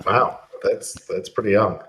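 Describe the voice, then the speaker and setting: A man's voice: on the low side, unhurried, fairly bright tone. A man hosting a casual livestream town hall, chatty and rambling with many fillers and restarts. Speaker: host.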